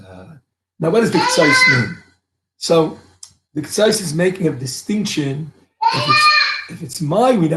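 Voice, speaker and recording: Rabbi giving an echoey Talmud lecture. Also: male voice, fairly high pitch, slight background noise. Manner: explains with rhetorical questions, mixes English with Hebrew and Yiddish terms.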